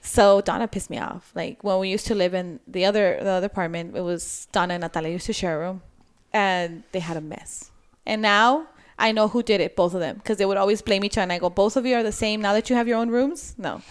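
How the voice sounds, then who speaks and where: A woman's voice: fairly low pitch, fairly even intonation, a little fast, few pauses, clear, resonant tone. A woman in her thirties from the United States, a mother chatting casually on a podcast about her kids, laughing easily and quoting them as she retells scenes. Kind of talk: casual chat.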